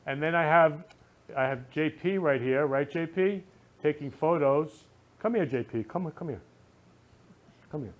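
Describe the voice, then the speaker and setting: A man's voice: on the high side, a little slow, long pauses, highs cut off. Gushing, emotional male talk show host. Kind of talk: effusive live show talk with spoken prayer.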